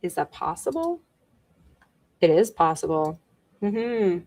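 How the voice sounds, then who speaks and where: Slow-talking woman hosting a livestream. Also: lowish voice, sing-song, a little mellow. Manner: chatty, greets viewers, giggles often, many ums. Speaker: livestream host. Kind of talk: casual livestream chat.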